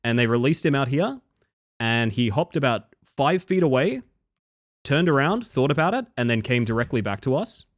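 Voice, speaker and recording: A young man with an Australian accent chats casually with his live audience, his voice bouncing through a lively pitch range. He rambles from joke to joke and swears freely. The sound is close and dry, with no room around it. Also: normal speed, dry recording. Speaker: streamer.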